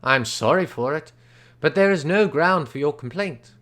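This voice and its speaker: A man's voice: a little high, animated, moderate pace, fairly bright tone. A man voicing a smug, offhand auctioneer who talks breezily and dismissively.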